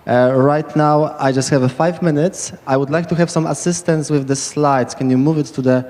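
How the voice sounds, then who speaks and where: Polish guy giving a rambly excited talk, high-ish voice, lots of uhs, echoey hall. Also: brisk. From Poland. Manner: enthusiastic, rambling and hesitant with many fillers. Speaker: speaker giving a short conference talk. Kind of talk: quick lightning talk.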